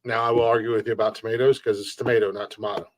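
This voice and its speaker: A man's voice: mid-range voice, level tone, rapid-fire, dry recording. A man hosting a casual live-stream podcast, ranting bluntly and jokingly with plenty of swearing and frequent laughter. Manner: blunt, profane, joking rants; laughs often between remarks. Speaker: podcast host reading chat.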